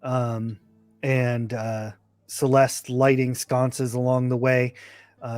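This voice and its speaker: A man narrating a tabletop game as game master, measured and descriptive. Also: medium pitch, a little mellow, no room sound.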